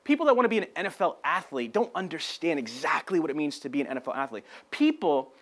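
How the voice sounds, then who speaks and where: A man giving a motivational business talk, loud and emphatic, acting out dialogue as he tells a story. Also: fairly high pitch, sing-song, fast. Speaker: sales trainer.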